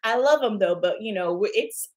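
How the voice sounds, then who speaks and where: Animated young woman storytelling to camera. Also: mid-range voice, moderate pace. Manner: animated, acts out quoted voices, laughs often. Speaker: beauty vlogger.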